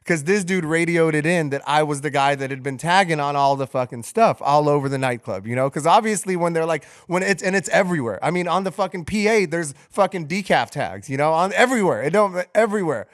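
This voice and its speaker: A man tells a wild story on a podcast, his voice sitting a bit high for a guy. He talks loosely and profanely and piles on fillers like "you know" and "like". The energy rises and falls with the tale. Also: lively intonation, a little fast, few pauses. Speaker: podcast co-host telling a story. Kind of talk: casual storytelling.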